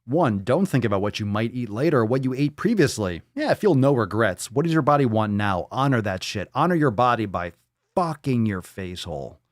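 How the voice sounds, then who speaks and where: A man's voice: medium pitch, sing-song, brisk, dry recording, studio quality. A man hosting a live podcast, riffing sarcastically and swearing a lot as he reads posts aloud. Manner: sarcastic, profane, jumps into silly voices. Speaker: podcast host. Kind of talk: casual live show banter.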